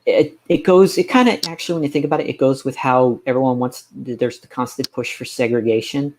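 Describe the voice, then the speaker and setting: A man's voice: medium pitch, fairly even intonation, a little fast, darkish tone. A man chatting casually on a live stream, ranting sarcastically and rambling with frequent restarts. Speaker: game streamer.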